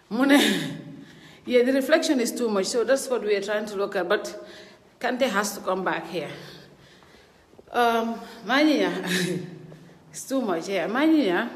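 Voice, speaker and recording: A woman's voice: mid-range voice, expressive, unhurried, long pauses, fairly bright tone. Chatty woman on a live stream. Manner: chatty, laughing, reads out viewer names, switches between languages. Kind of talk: casual live stream chat. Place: indoor studio.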